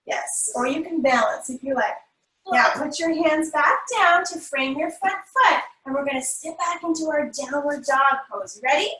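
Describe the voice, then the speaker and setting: A woman's voice: high-pitched, moderate pace, bright, forceful tone. A woman instructor leading a family yoga class, playful and encouraging with sing-song cues. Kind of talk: guided kids' yoga class. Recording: echoey room, voice from a distance.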